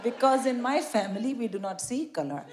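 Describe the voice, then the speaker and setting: A middle-aged woman tells a stand-up story on stage, her voice sitting a little high. She is wry and punchy, acting out the dialogue. The live recording carries clear background noise. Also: expressive, a little fast, echoey room, over a noisy crowd. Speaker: stand-up comedian. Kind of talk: stand-up comedy set. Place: comedy stage before a live audience.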